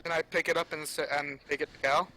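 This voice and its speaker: A man's voice: fairly high pitch, level tone, pushed and bright. A man playing a tabletop game, talking eagerly and swearing freely. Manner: quick, profane, eager. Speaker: player. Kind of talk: casual tabletop game chat.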